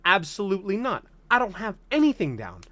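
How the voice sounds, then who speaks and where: A young man in his twenties rants in a comedic vlog, swinging his voice up and down with theatrical, self-mocking exaggeration. His fairly high voice sounds close and dry. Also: huge pitch swings, a little fast, pushed and bright, dry recording. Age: 20s. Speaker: vlogger.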